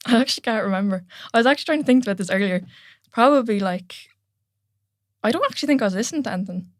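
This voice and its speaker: A young woman with an Irish accent, a guest chatting casually on a podcast, full of "like" and quick laughs. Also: fairly high pitch, lively intonation, dry recording, clean studio sound. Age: young adult. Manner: chatty, lots of "like", laughs while telling stories. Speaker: guest powerlifter. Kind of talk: casual interview chat.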